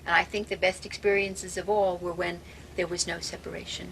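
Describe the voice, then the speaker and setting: A woman's voice: fairly low pitch, level tone, brisk, fairly bright tone. Earnest woman in her 60s, noisy recording. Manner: earnest, reflective, with repeated words. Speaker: longtime devotee recounting memories. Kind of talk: casual group reminiscing. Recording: noisy background hiss.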